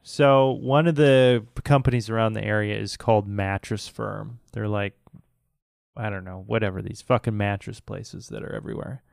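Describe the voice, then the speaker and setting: A man's voice: fairly even intonation, moderate pace, gravelly, darkish tone, no room sound, studio quality. Profane, exasperated man ranting a story. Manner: profane, exasperated, mimics others in high put-on voices. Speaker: podcast co-host. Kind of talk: casual storytelling rant.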